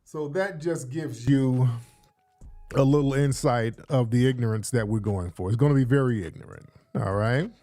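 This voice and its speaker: Over soft background music, a Los Angeles show host runs a casual, hype-filled livestream indoors on a studio mic, repeating himself often as he chats. He speaks at normal speed in a mid-range, dark-toned voice with no echo.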